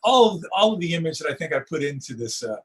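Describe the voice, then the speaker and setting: A middle-aged man, a wildlife photographer, telling stories in an interview, acting out the moments with rising excitement. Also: a little high, fast talker, husky, poor audio. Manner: animated storyteller, acts out moments with rising excitement. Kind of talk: storytelling interview on a video call.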